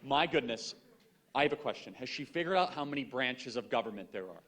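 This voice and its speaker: A young man speaking on a stage panel, quick and sarcastic. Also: mid-range voice, expressive, background noise.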